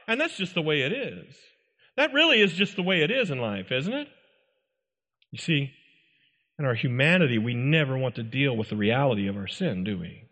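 A man's voice: mid-range voice, very animated, moderate pace, sharp tone. A man preaching a sermon emphatically, asking the congregation rhetorical questions. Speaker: pastor. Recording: echoey hall.

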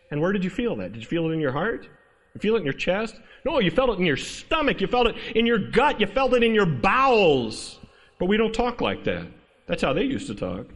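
A pastor preaches in an easy, conversational way. His voice sits notably high for a man. He keeps asking the listeners questions and slips in touches of humor. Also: big-room sound. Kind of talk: sermon.

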